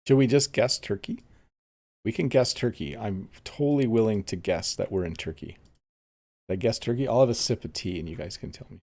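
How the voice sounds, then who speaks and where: Gravelly man teaching English. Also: fairly low pitch, a little fast, darkish tone. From Canada. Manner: chatty and easygoing, reads viewer comments aloud. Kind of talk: casual live-streamed lesson while playing a game.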